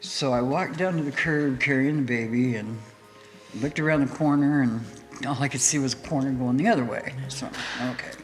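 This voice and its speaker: A woman guest in an interview, telling a story in a lively way, laughing often and acting out what people said. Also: rumbling low, normal speed. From United States. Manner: animated, laughing storyteller who acts out quotes. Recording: hall reverb with faint music.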